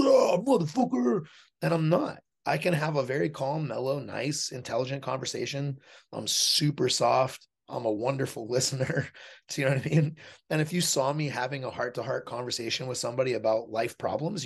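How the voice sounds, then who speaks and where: A man's voice: medium pitch, vocal fry, husky. A man speaking as a podcast guest in a casual interview, blunt and profane, often acting out other people's voices as he explains his point. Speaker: podcast guest, fighter and dog trainer.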